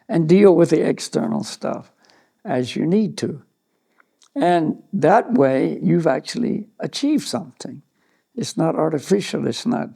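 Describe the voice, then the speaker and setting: Man, mellow gravelly voice, slightly high, meandering storyteller giving a spiritual talk. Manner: rambling, anecdotal, many "you know" asides.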